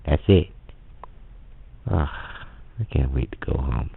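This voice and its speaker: A man's voice: very deep voice, lively intonation, takes it slowly, creaky, breathy edge, voice pushed down, heavily acted. A man voicing a homesick young nephew who mutters sulky complaints. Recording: phone-like lo-fi audio.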